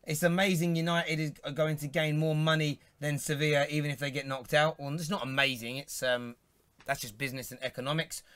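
Cockney man, co-host of a live football chat, bright and slightly high, jokey with frequent stumbles and restarts. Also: flat delivery, a little fast. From England. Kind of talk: casual live-stream chat.

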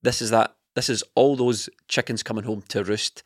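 A man's voice: lowish voice, steady tone, normal speed, no room sound, studio quality. A man, a podcast co-host, talking football in a heated, opinionated way. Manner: passionate, ranting opinions. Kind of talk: casual football chat.

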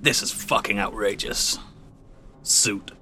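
A man's voice: on the low side, fairly even intonation, slow pace, vocal fry. A man playing a tabletop game, talking brashly in character with heavy swearing. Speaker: player. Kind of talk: casual in-character banter.

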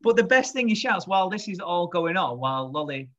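A man's voice: high-pitched, fairly quick, dull audio. A man co-hosting a casual chat, acting out other people's lines in comic voices. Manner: lively, acts out quotes in character voices. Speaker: podcast co-host.

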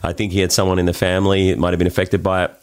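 An Australian man with a fairly low voice chats casually as a guest. He tells his stories in a lively, rambling way, stumbling over restarts and jumping up high whenever he gets excited. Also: very fast. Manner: animated storyteller, many restarts, jumps high for quoted voices. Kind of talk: casual interview chat.

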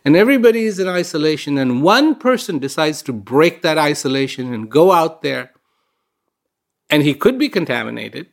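A man's voice: on the high side, lively intonation, moderate pace, creaky. A man giving an inspirational talk, telling stories in a conversational way and repeating words for emphasis. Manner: conversational storyteller with fillers. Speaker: speaker giving a reflective talk.

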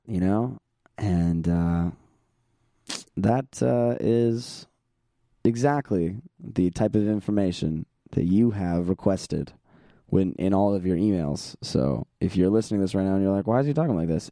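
A hoarse young man hosts his own podcast, his voice rough and gravelly like sandpaper. He talks low and dark in tone, rambling casually in a self-deprecating way with low energy and frequent laughs. The sound is close and dry. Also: no room sound. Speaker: podcast host. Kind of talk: casual solo podcast chat.

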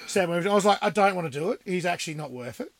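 A rowdy man telling stories on a casual podcast, his voice pitched high with a gravelly, fry-laden edge. He swears freely and breaks into laughter between the punchlines. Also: animated, rapid-fire, a loud crowd. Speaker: podcast guest. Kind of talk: casual storytelling.

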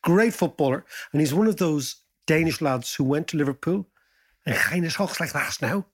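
A man hosting a podcast, chatting in a casual, jokey, animated way. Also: normal speed. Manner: animated, jokey, swoops up in pitch. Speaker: podcast host.

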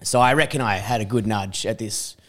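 A man's voice: lowish voice, a little fast, a bit bright. A young man hosting a podcast, telling a self-mocking, sweary story and laughing through it. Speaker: podcast host. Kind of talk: casual storytelling.

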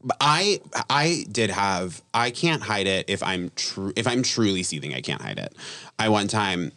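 A man hosting a casual podcast chat, chatty, with quick reactions and wry jokes. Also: on the low side, sing-song, sharp tone, no echo. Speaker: podcast host.

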